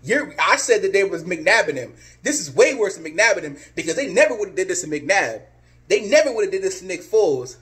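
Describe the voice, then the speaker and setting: Angry high-voiced sports fan ranting. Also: male voice, big pitch swings, a little fast, fairly bright tone. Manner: angry, exasperated, repetitive insults. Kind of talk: ranting vlog.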